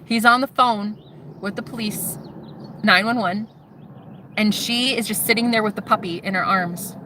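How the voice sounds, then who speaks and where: Intense bright-voiced woman vlogger. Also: medium pitch, steady tone, normal speed, slight background noise. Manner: intense, swearing, addresses viewers as guys. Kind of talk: emotional personal testimony.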